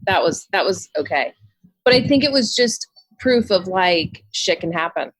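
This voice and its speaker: A woman's voice: lowish voice, expressive, normal speed, no echo, low-quality recording. A woman in her thirties on a remote call, chatting in a matter-of-fact, reflective way. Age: 30s. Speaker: guest. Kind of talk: casual chat.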